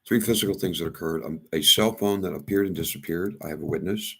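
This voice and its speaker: A man telling a rambling personal story, halting and repeating himself as he goes. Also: sits low, gravelly, slightly rough. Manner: halting, repeats and restarts words.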